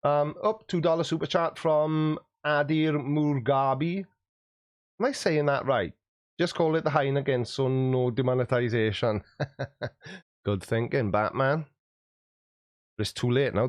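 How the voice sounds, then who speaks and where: A man's voice: mid-range voice, unhurried, no room sound, dull audio. A man hosting a livestream, chatting in a jokey, self-deprecating way as he reads out viewer comments. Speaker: YouTube host.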